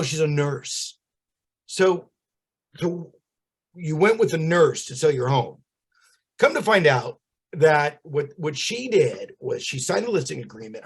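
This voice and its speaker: Husky-voiced man telling a story. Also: mid-range voice. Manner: animated storytelling, many restarts. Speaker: real estate agent. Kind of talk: casual call chat.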